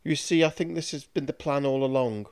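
A man's voice: mid-range voice, brisk, darkish tone, clear, resonant tone, lightly acted. Cruel scheming warlock master, gloating and menacing, read by a male narrator.

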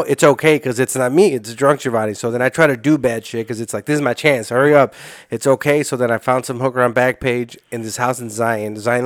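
A man from Illinois telling crude stories in casual chat, animated and blunt. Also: medium pitch, no room sound, studio quality. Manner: fast, crude, animated storytelling. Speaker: podcast guest storyteller.

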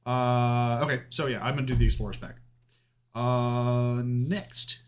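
A man's voice: medium pitch, little pitch movement, unhurried. A young man chatting casually while creating a tabletop game character, laughing often and swearing freely. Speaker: player creating a paladin. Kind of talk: casual chat.

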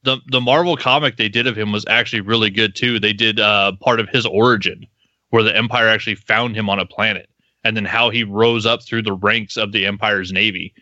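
Bright-voiced man chatting on a podcast. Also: fairly low pitch, fairly even intonation, a little fast, dry recording, lo-fi sound. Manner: enthusiastic, laughs often. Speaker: podcast co-host. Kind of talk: casual podcast chat.

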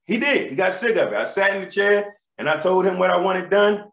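A man in his thirties doing stand-up comedy, telling animated, profane stories in street slang. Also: sits high, fairly quick, gravelly. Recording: roomy, slightly dull live recording.

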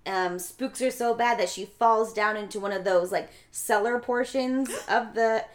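A woman chatting casually on a podcast, retelling a movie plot with a relaxed, chatty delivery. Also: fairly high pitch, measured pace. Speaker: podcast co-host. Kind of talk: casual movie recap chat.

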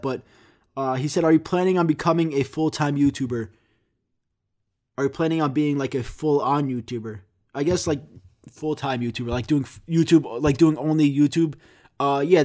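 A man's voice: medium pitch, darkish tone. A young man hosting a podcast, answering viewer comments in rambling, profane, jokey casual chat. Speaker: podcast host.

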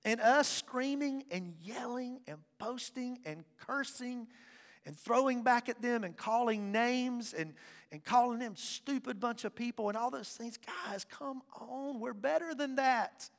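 A man preaching a sermon as pastor, impassioned, swinging from loud declarations to hushed asides. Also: very high voice, a little slow, creaky. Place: church sanctuary. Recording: reverberant church hall with faint music.

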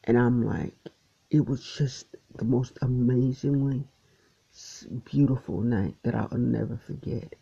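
A man's voice: medium pitch, fairly even intonation, measured pace, gravelly, warm tone, breathy edge. A man earnestly telling an emotional personal story, often restarting his phrases, on a dull lo-fi recording. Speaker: poet sharing testimony.

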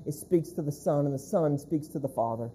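A male pastor preaching a sermon. He speaks emphatically, repeats key phrases, slows down to stress points and puts questions to the congregation. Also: fairly high pitch, dark tone, a little hiss or hum.

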